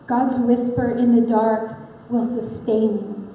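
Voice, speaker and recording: A woman's voice: a little high, steady tone, takes it slowly, warm tone, slight background noise. A woman preaching an earnest, personal sermon in a church sanctuary, talking conversationally with frequent fillers. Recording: echoey hall with long reverb.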